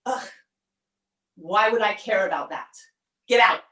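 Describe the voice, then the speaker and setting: A woman's voice: mid-range voice, animated, measured pace, bright, forceful tone. A woman playing a curt, scornful older brother. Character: surly older brother, cold and dismissive. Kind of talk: solo stage performance. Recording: roomy stage sound, mic far off.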